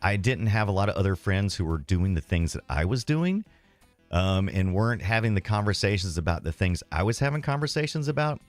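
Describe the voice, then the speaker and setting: A man's voice: low-pitched, animated, fairly quick, no room sound, soft background music. A man streaming retro games, rambling casually and self-deprecatingly as he reads and answers his chat.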